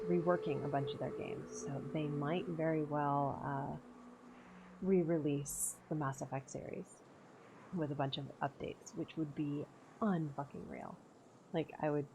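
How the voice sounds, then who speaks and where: A woman game streamer chats casually during gameplay, laughing often and swearing freely. Her voice sits low and sounds gravelly, with background noise in the recording.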